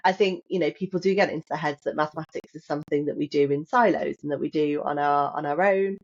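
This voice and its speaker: A woman's voice: low voice, fast talker. A woman, a maths educator, speaking enthusiastically and reflectively in a casual podcast discussion. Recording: dull lo-fi sound.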